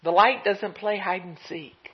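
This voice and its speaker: An unhurried pastor gives a gentle, reflective sermon, letting each thought settle. The recording is dull and lo-fi, with the top end muffled. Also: mid-range voice. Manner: gentle, reflective preaching with soft laughs.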